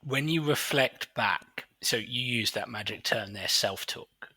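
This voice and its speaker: A man hosting a podcast as a sports psychologist, explaining in a measured, analytical way with some "uh"s and "um"s. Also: medium pitch, sharp tone, husky, no echo. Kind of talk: analytical interview commentary.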